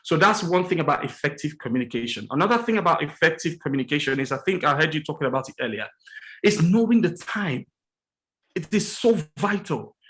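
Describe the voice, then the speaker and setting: A man giving an earnest teaching talk about relationships as a guest on a religious morning show, slowing down and stressing key words and repeating his points. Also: low-quality recording. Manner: acts out quoted dialogue with lively pitch jumps.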